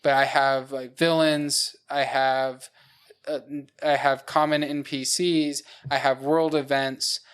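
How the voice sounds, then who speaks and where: A man's voice: mid-range voice, level tone, takes it slowly, fairly bright tone, clean tone. A man co-hosting a casual podcast chat, methodically explaining his game prep step by step with "uh" and "like.". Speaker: podcast co-host, dungeon master.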